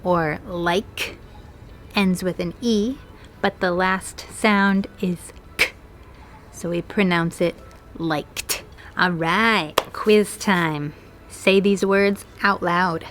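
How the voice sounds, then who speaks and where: Woman english teacher, super slow and careful, faint noise in the background. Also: on the low side, fairly even intonation, fairly bright tone. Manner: slow, clear, careful enunciation. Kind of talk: pronunciation lesson.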